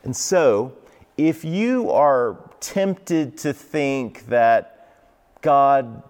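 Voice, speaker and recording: Man, 50s, pastor, unhurried devotional sermon recorded in a reverberant church sanctuary. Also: medium pitch, lively intonation, a little mellow.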